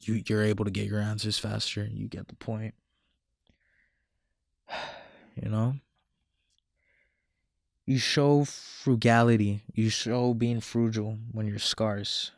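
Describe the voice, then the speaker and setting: Flat-voiced man in a blunt slangy rant. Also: fairly low pitch, slow, vocal fry, long pauses, no echo, clean studio sound. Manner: slangy, profane and repetitive, restating lines and mocking others in quotes. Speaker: self-improvement commentator. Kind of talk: casual monologue to camera.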